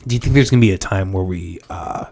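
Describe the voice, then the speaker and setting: Male host, low-pitched, loose rambling talk in studio chat. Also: fast, darkish tone. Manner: rambling, loose, filler-heavy, crude jokes. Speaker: podcast host. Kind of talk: casual podcast chat. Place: podcast studio.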